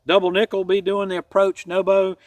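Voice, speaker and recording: A man's voice: sits high, monotone, brisk, dry recording, recorded from a distance. A man hosting a hiking channel, giving a casual, rambling trail update with folksy self-deprecating jokes.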